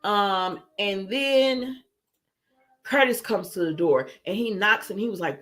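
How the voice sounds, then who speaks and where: A woman's voice: mid-range voice, lively intonation, moderate pace. Casting note: woman livestream host with a middle-range voice, chatty recap, reacts to chat. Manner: chatty, retells scenes and reads out viewer comments. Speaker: soap opera reviewer. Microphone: livestream setup with computer microphone.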